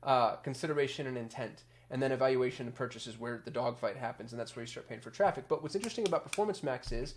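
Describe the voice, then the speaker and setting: A man's voice: mid-range voice, quick pace, hardly any pauses. A man hosting a casual marketing explainer, chatty, with many ums and restarts, getting fired up as he goes. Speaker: marketing agency host.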